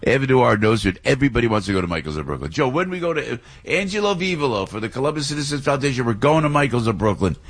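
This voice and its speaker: A man hosting a morning radio talk show, rambling and excitable as he reads a live ad and introduces a guest. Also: mid-range voice, very fast, few pauses. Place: radio studio.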